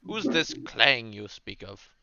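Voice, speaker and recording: A man's voice: fairly low pitch, big pitch swings, takes it slowly, gravelly, pushed and bright, smooth, dull audio, voice pushed down, exaggerated voice. A man voicing a curious stranger who is following a parrot across the docks. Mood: puzzled.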